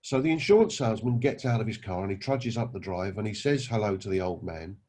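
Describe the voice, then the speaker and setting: Lowish, a little mellow and quick-paced, this man's voice carries a motivational talk. As a network marketing recruiter, he tells anecdotes and poses rhetorical questions to his listeners.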